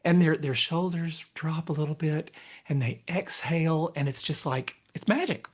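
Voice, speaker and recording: A man hosting a podcast interview, talking expressively, telling stories and laughing easily. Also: on the high side. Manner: expressive, storytelling, quick to laugh. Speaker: podcast host. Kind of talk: conversational interview.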